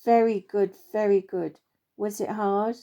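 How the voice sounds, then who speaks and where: A wise old oak tree that speaks softly and kindly, often dropping low at the end of a phrase, as a woman puts it on. The tone is mellow and unhurried, like a storybook read aloud. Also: steady tone, lightly acted. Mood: gentle. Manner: gentle, warm, soft-spoken.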